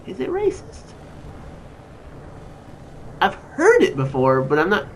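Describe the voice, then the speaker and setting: A man's voice: high-pitched, huge pitch swings, takes it slowly, slight background noise, low-quality recording. A man with a Southern US accent gives rambling, chatty game commentary as he reads a story game aloud, with plenty of fillers. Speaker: gaming channel host.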